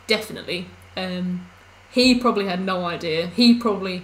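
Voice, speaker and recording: A woman's voice: mid-range voice, animated, normal speed, few pauses, fairly bright tone, low-quality recording. Chatty woman streaming a game. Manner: rambling, chatty storytelling with many fillers. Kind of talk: casual live-stream chat while gaming.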